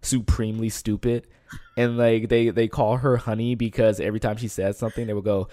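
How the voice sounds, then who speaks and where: A man co-hosting a casual chat, animated, laughing often and trailing off into fillers. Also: medium pitch, a little fast, dry recording, clean studio sound. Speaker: co-host.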